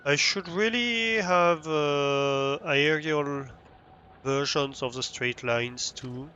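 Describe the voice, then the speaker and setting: Guy streaming a factory game, slow easygoing talk, kinda high voice, faint hiss behind. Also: sharp tone, highs cut off. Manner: chatty, laughs at own mistakes, talks to himself while building. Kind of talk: casual gameplay chat.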